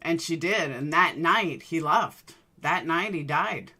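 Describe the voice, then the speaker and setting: A woman's voice: sits low, expressive, takes it slowly, bright, forceful tone. A woman hosting a livestream, chatting casually with her viewers and telling rambling personal stories. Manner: rambling storyteller, addresses viewers by name. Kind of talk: casual chat.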